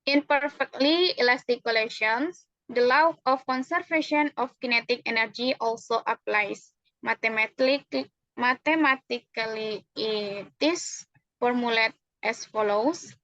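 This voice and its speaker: A woman's voice: fairly high pitch, a little slow, a bit bright, no room sound. A young woman with an Indonesian accent explaining physics formulas carefully in a classroom manner, with frequent hesitations. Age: young adult. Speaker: university student acting as physics teacher. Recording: dry, dull lo-fi sound.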